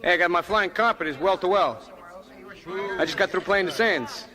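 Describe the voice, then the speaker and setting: A man's voice: sits high, expressive, moderate pace, a crowd in the background, pitched above the performer's own voice. A man putting on a boastful male Arabian prince doing vaudeville one-liners. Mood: brash.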